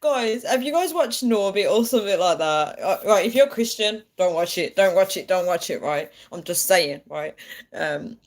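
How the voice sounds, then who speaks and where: A woman's voice: medium pitch, expressive, moderate pace. Chatty woman on a phone livestream. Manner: chatty, keeps addressing viewers as guys, laughs often. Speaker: livestream host. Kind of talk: casual livestream chat.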